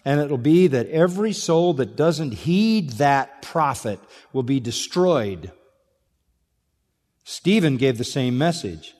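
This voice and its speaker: Male preacher, mid pitch, expository sermon in a big sanctuary with a long echo, dynamic between hushed and emphatic. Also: big pitch swings, slow. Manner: shifts between quiet intensity and raised emphatic delivery. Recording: long reverb of a large hall.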